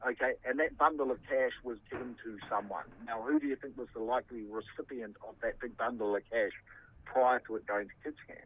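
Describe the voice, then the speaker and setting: A man speaks over a phone line that sounds thin and tinny. His voice sits at a middling pitch. He argues defensively, with frequent curses and stumbling restarts. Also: steady tone, husky. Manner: defensive, swearing, halting restarts. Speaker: interviewee. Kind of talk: heated phone interview.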